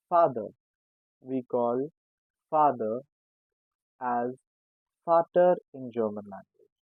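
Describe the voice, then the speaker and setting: A man teaching a beginner language lesson, speaking slowly and explaining patiently while repeating each example word. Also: mid-range voice, no echo. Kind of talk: casual spoken lesson. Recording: tinny phone-like sound, dry.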